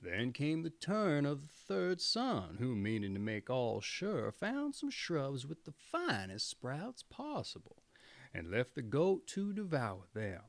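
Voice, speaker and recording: Male storyteller, fairy tale read-aloud, very lively pitch, unhurried. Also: creaky, dry recording. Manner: expressive, theatrical. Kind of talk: storybook reading.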